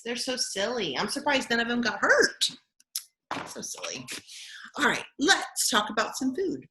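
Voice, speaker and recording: A young adult woman, a music therapist, telling a silly story and teaching young children in a slow, exaggerated, playful way with gasps and exclamations. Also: medium pitch, a bit bright. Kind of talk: sing-song children's lesson and storytelling.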